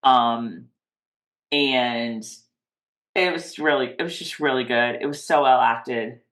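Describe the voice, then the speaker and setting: A woman's voice: extremely low pitch, slow pace, fairly bright tone. A woman co-hosting a TV recap podcast, chatting casually and rambling with lots of "like" and restarts. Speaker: podcast co-host.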